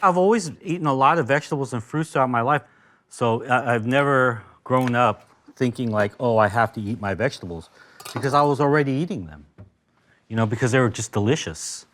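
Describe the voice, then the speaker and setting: Cooking casually at a kitchen grill, an enthusiastic Los Angeles man talks his way through the lesson with frequent asides. His mid-range voice has a fairly bright tone and runs a little fast.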